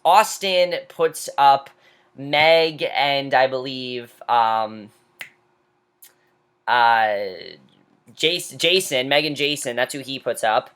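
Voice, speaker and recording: A woman's voice: very deep voice, slow pace, long pauses, a bit bright, clean tone. A woman giving an opinionated, casual recap of a reality show, talking freely with lots of fillers and restarts.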